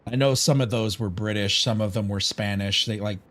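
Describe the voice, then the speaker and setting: A man's voice: lowish voice, steady tone, a little fast, fairly bright tone. An American man streaming a game, musing aloud in a rambling, casual way with many fillers and some swearing. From United States. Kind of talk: casual live-stream chat while playing.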